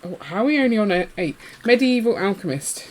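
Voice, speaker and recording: A woman co-hosting a podcast in casual chat, playful and teasing, getting excitable. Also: medium pitch, very fast. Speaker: podcast co-host.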